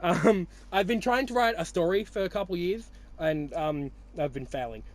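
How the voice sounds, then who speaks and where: A young man with an Australian accent and a high-pitched voice rambles through a casual podcast chat. He teases his friends and swears freely, trailing off and restarting as he talks. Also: moderate pace. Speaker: podcast host.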